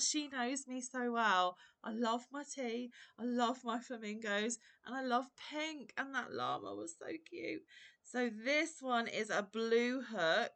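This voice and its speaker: A woman's voice: fairly high pitch, a bit bright. A woman vlogger unboxing a gift parcel, gushing and exclaiming over each item. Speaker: crochet vlogger. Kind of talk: unboxing vlog.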